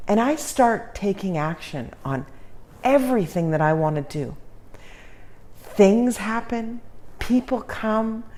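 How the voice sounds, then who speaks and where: A woman talks through a motivational lesson at an easy, unhurried pace. Her voice moves up and down expressively as she encourages the listener in a folksy, earnest way. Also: lowish voice, a little mellow. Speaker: self-help teacher.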